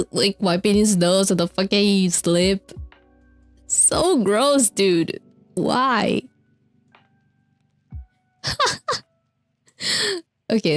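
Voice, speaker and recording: Young woman streamer, slow rambly chat w lots of "like", dry close mic. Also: on the low side, a little mellow, no echo. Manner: rambling, swears, laughs often, filler-heavy. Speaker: streamer recapping a band's concert lore. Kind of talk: casual chat over video clips.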